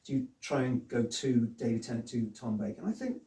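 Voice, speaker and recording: A man's voice: mid-range voice, animated, a little fast, mellow. A man speaking as a guest in a casual interview, thoughtful and agreeable. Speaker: guest, fan-film actor. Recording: echoey room, mic at a distance.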